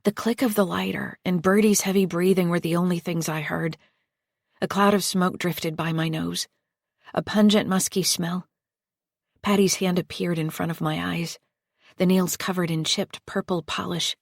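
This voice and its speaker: A woman narrating a first-person psychological thriller audiobook in a steady, tense storytelling manner. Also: fairly low pitch, moderate pace, gravelly, no echo, clean studio sound.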